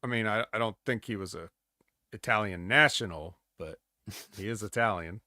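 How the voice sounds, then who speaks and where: A man's voice: fairly low pitch, normal speed, pushed and bright, dry recording, studio quality. A man co-hosting a podcast, recapping wrestling in a rambling, jokey way and slipping into mock promo voices. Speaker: podcast co-host. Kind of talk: casual wrestling recap chat.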